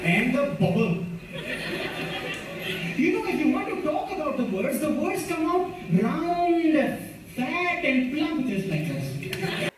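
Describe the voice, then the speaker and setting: A man performing stand-up, putting on a brash man with an exaggerated accent in a sing-song, drawn-out mock lecture. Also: extremely high pitch, sing-song, background noise, pitched above the performer's own voice. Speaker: stand-up comic. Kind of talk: stand-up comedy set. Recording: echoey stage from far off with loud crowd.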